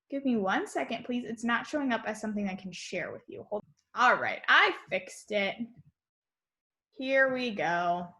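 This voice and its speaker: A young woman teaching young children in a remote lesson, speaking in a slow, sing-song teacher voice. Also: fairly high pitch, sharp tone. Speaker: kindergarten teacher.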